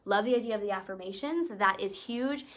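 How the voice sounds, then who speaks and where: A woman's voice: mid-range voice, a little fast. A young woman hosting a casual live chat, bubbly and laughing often. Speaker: host.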